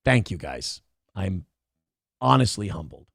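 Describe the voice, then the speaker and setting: A man hosting a live online show, talking casually and excitedly, cursing freely while thanking viewers for donations. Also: low-pitched, a little slow, gravelly, husky, no echo, clean studio sound. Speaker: livestream show host.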